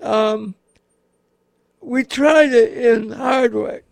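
A man co-hosting a radio show, talking casually in a slow, halting way with many pauses. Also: very high voice, gravelly, no echo. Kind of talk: casual on-air chat.

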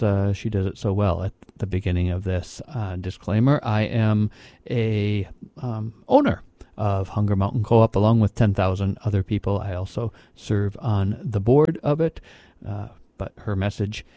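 A man with a dark, mellow voice hosts a community radio program from a dry studio. He talks in a casual, unhurried way, often pausing on fillers. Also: medium pitch, dry recording. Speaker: radio host.

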